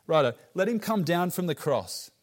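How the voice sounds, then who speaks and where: A man's voice: high voice, big pitch swings, normal speed, voice pushed up. A man playing a sneering Australian religious leader. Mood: scornful. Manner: sneering, derisive. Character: scornful male religious leader, smug.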